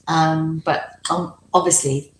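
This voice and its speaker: A woman in casual conversation, speaking reflectively and pausing with ums as she searches for words. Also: deep voice, fairly even intonation. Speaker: podcast co-host. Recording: roomy echo with faint noise.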